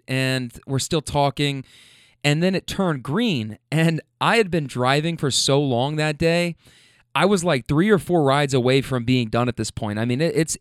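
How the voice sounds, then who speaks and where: A man's voice: a little high, smooth, no echo, studio quality. A man who drives for a rideshare service telling a candid, profane story, often laughing. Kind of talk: casual storytelling.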